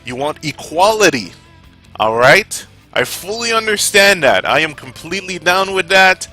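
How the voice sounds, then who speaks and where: A man vlogging about gaming in a heated, profane rant that flares up, then calms into casual sign-offs. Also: sits high, normal speed, faint music behind. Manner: heated, profane, gets fired up. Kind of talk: opinion rant to camera.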